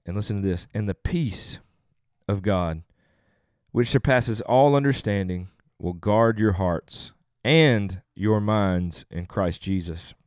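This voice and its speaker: A man's voice: lowish voice, slow pace, a little mellow, no echo, clean studio sound. A young adult man, a pastor, delivering an earnest sermon with emphatic, repeated phrases.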